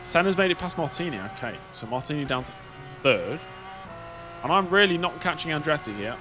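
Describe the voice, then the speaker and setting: A man's voice: on the high side, expressive, fairly quick, music in the background. A man streaming a racing game, chatting in a rambling, wry way. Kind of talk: casual live-stream chat while gaming.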